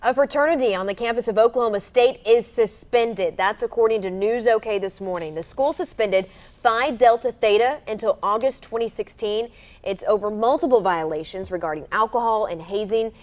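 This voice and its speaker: A woman with a Southern accent co-anchoring a morning TV newscast, narrating news clips in an animated way. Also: fairly high pitch, moderate pace.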